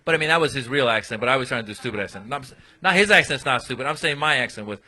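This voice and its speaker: A man's voice: medium pitch, lively intonation, very fast, bright, forceful tone. A male comedian telling a stand-up story on a live comedy podcast, acting out quotes in raised voices. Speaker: comedian guest.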